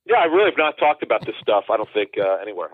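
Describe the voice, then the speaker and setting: A man in his forties phones in as a guest and football insider, wandering through anecdotes with many restarts and asides in a casual interview. He talks very fast in a lowish voice with big pitch swings, and the tinny line has no room sound.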